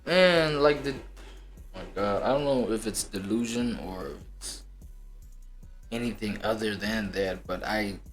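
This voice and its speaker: A man's voice: lowish voice, a little slow, faint music behind. A man co-hosting a stream, chatting casually in a slangy, rambling and incredulous way. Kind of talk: casual chat.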